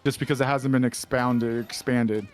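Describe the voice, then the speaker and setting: A man's voice: medium pitch, steady tone, normal speed, faint music behind. A man co-hosting a casual reaction video, making wry remarks and asking questions, with casual swearing. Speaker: co-host reacting to a show.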